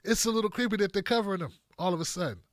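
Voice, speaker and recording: A man's voice: high voice, very fast, no echo, clean studio sound. A man hosting a live political commentary stream, talking bluntly and mockingly off the cuff. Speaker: host.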